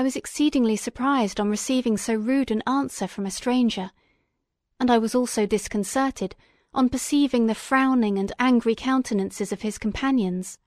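Measured, expressive female audiobook narrator. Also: fairly high pitch, no echo, clean studio sound. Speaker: audiobook reader. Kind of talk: audiobook narration of a classic novel.

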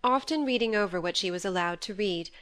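A woman reading a classic novel aloud as an audiobook narrator, steady and measured. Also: mid-range voice, no echo.

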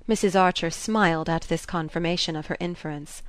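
Low-voiced woman narrating a novel. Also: fairly even intonation, brisk, no room sound. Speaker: audiobook narrator.

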